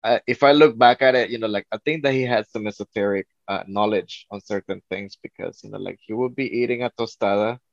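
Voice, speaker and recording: Gravelly, low-voiced man telling stories. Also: a little fast, dry recording. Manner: rambling, many "you know, like" fillers. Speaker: tattoo artist and guest. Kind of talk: casual storytelling. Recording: dull lo-fi.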